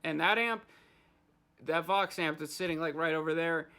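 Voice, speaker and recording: A man's voice: a little high, normal speed, pushed and bright, clear, resonant tone. A man hosting a podcast, ranting in loose, profane casual chat. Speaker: podcast host.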